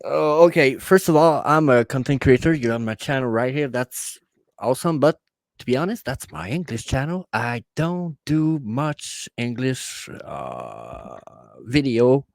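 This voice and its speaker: A man from Quebec with a Quebec French accent, a native French speaker, chatting as a guest content creator and often pausing to search for English words. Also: mid-range voice, expressive, creaky, no echo, studio quality. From Quebec, Canada. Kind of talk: casual interview chat.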